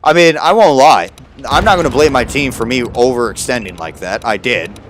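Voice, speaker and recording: A man's voice: mid-range voice, animated, normal speed, slight background noise. A man streaming a game, commenting in a casual, offhand, self-deprecating way.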